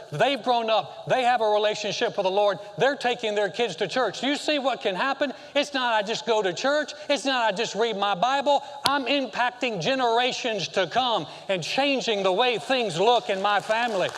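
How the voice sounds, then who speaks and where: A male senior pastor preaching a sermon, impassioned, moving between loud exhortation and hushed tender passages. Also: high-pitched. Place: church sanctuary. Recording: long hall reverb.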